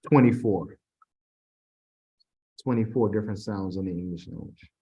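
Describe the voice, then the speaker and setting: A man leads an informal tutoring session, reading out multiple-choice questions. His voice sits on the low side, and he stumbles, restarts and corrects himself as he goes. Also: dark tone, slightly rough. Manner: informal, halting, reads quiz questions aloud with restarts. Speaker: TESOL instructor.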